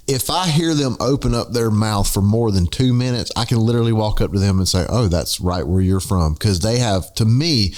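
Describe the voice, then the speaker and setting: Laid back southern dude cohosting a podcast, kinda low voice, laughs along. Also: male voice. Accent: Southern American. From American South. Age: middle-aged. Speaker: podcast co-host. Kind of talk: casual chat.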